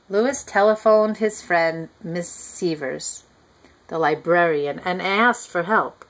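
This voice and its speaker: A woman reading a picture book aloud to a child, gently talking to the listener as she goes. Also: fairly low pitch, takes it slowly, low-quality recording. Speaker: reader.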